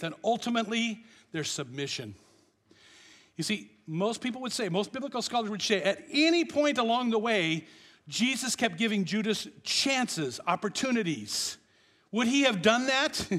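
A man preaching a passionate sermon as pastor, swinging between loud declarations and hushed, quiet lines. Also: high voice, big-room sound.

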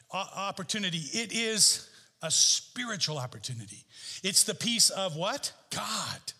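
A man preaching a sermon as pastor, emphatic and repeating key phrases, his pitch swinging up and down. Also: animated, measured pace, creaky, pushed and bright, breathy edge, big-room sound. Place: church sanctuary.

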